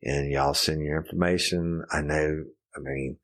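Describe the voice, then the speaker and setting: A man's voice: a bass voice, steady tone, measured pace, a bit bright. A man, co-hosting a casual podcast chat, joking and rambling with some profanity. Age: 50s. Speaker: podcast co-host.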